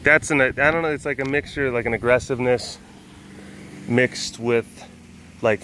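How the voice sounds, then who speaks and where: A man keeping big cats, narrating a casual vlog outdoors and cooing softly at the animals in baby talk. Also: medium pitch, fairly even intonation, moderate pace, long pauses, slight background noise. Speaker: big cat keeper.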